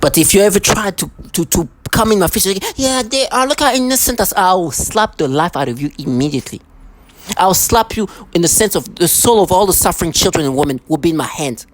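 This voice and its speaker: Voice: medium pitch, expressive, fast talker, poor audio. A vlogger in an angry, threatening monologue who often repeats and restarts words.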